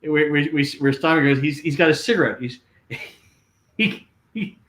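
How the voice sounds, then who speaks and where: An older man tells showbiz stories as a guest, animated and full of fillers and restarts. His voice is bright and forceful, and it rings with a roomy echo. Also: fairly high pitch, moderate pace. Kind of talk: casual storytelling.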